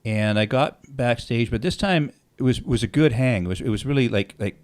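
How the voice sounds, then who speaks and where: A middle-aged man tells stories on his podcast in a relaxed, casual way. His voice sits at an ordinary middle pitch, and he swears freely. He acts out the dialogue of the people in his stories with lively energy. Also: moderate pace. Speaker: musician telling stories on his own podcast. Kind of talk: casual storytelling.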